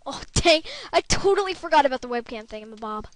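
A woman's voice: sits high, lively intonation, quick pace, slight background noise. A female gamer chatting casually through her gameplay at a home computer, rambling and correcting herself as she goes, into a desktop microphone. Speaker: gameplay video maker.

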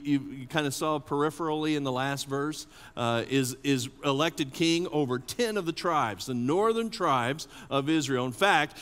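A man preaching a sermon as an associate pastor, animated and often asking the congregation questions. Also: on the high side. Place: church sanctuary. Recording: long church reverb.

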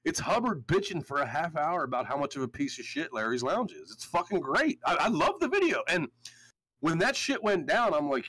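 A man's voice: fairly high pitch, sing-song, brisk, pushed and bright, breathy edge, dry recording, low-quality recording. A man hosting a podcast, ranting in a heated, profane, storytelling way. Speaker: show host. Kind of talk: casual podcast rant.

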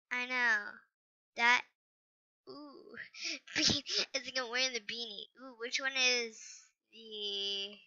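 A woman chats her way through an online game in an unhurried, rambling, hesitant manner, often stopping to apologise. Her voice sits a little high and sounds very bright and clean. The lo-fi computer mic dulls it slightly. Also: clear, resonant tone. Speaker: gaming channel host. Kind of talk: casual gameplay commentary.

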